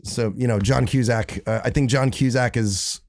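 A man, a musician guest in a casual chat, rambling and halting as he tells stories. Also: medium pitch, steady tone, gravelly, a little mellow.

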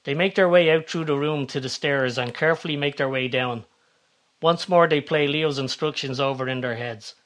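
A man reading a comedic story aloud in a steady, even tone. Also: fairly high pitch, normal speed. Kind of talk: scripted story narration.

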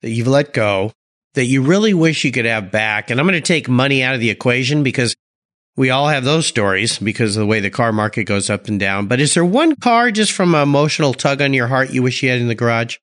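A man's voice: mid-range voice, animated, brisk, fairly bright tone. A man hosting a podcast interview, upbeat and speaking directly to his listeners. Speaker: podcast host. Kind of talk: conversational interview.

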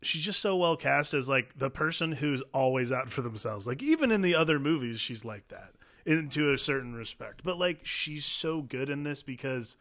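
A man's voice: medium pitch, lively intonation, moderate pace, few pauses, fairly bright tone. Laid-back man riffing on a film. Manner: loose, swears, lots of likes. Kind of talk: casual film discussion.

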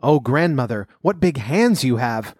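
A man voicing an innocent little girl in a red cap, gentle and wide-eyed. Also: mid-range voice, lively intonation, a little slow, dry recording, clean studio sound. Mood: uneasy.

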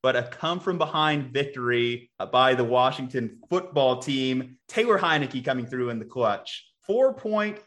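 Male co-host, conversational game analysis and picks, medium pitch. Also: animated, normal speed, hardly any pauses, fairly bright tone. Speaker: podcast co-host. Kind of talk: casual sports chat.

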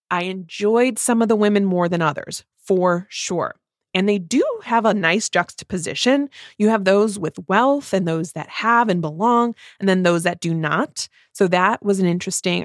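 A woman chatting casually about a book she reviews, animated and laughing often. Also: fairly low pitch, dry recording, clean studio sound. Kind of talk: casual chat.

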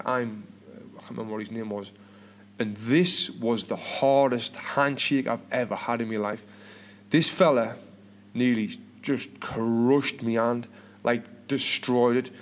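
Rambling British podcast host in his thirties. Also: medium pitch. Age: 30s. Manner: chatty, full of restarts and repeated words. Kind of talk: casual rambling monologue.

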